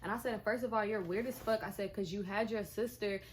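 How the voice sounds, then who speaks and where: A young woman, telling a storytime in casual chat, animated and profane and acting out the dialogue. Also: mid-range voice, a little fast, a little hiss or hum. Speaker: vlogger.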